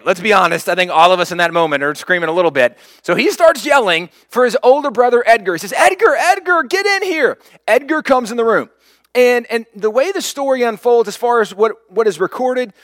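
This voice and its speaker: A pastor preaching, telling a story with lively, acted-out quotes. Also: male voice, sits high, no echo, clean studio sound. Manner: animated storyteller, acts out quoted lines. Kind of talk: sermon storytelling.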